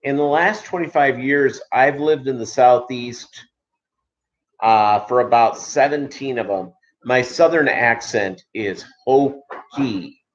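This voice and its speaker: A man's voice: medium pitch, slow pace, dull audio. A man from Minnesota hosting a casual livestream chat, rambling with many filler ums and uhs. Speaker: livestream host.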